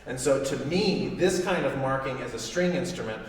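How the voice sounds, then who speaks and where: A man's voice: mid-range voice, expressive, moderate pace. A man teaching a saxophone master class. He quizzes the student in an encouraging way and sings articulation syllables to demonstrate them. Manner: encouraging, asks the student questions. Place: recital hall with audience. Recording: distant, echoey hall recording, faint noise.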